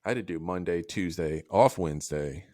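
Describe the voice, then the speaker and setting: A man co-hosting a podcast, chatting casually with a joking, animated manner. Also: deep voice, moderate pace, dry recording, clean studio sound. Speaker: podcast co-host. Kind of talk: casual chat.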